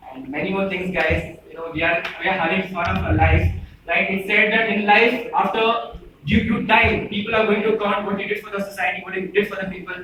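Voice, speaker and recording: A man's voice: high voice, fairly even intonation, fast, pushed and bright, slight background noise. A twenty-one-year-old man from Bangalore with an Indian English accent, giving a joking, informal speech to friends and tagging his sentences with "right?". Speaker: speaker addressing friends. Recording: echoey room, voice from far off.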